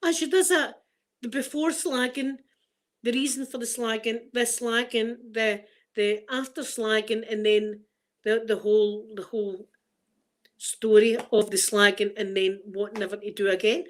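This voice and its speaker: A middle-aged woman with a Glaswegian accent, chatting casually to her viewers in a rambling, laughing way, her voice starting to go hoarse. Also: fairly high pitch, fairly even intonation, a little slow, low-quality recording. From Scotland. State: voice going hoarse. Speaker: vlogger.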